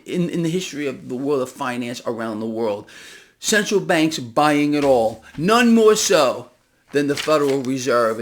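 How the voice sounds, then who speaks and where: A man delivering a heated, sarcastic solo rant about markets and the economy, often climbing to loud emphatic bursts. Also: a little high. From United States. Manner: emphatic, ranting, sarcastic, rising to near-shouting. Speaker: finance commentator. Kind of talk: impassioned solo market commentary.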